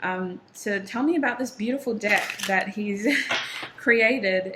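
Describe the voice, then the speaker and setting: A woman's voice: medium pitch, a bit bright, a little hiss or hum, rough recording. A woman whose first language is not English, giving a chatty, encouraging tarot reading with frequent ums and restarts. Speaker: tarot reader.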